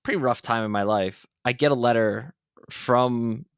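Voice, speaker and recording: A man in his forties from Buffalo, New York, speaking as a podcast guest. He tells his story candidly and with animation, and swears freely. His voice sits at an ordinary middle pitch, and the sound is dry and close. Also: normal speed, creaky, clean tone, no echo, lo-fi sound. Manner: blunt and profane, animated retelling. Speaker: podcast guest, veteran entrepreneur.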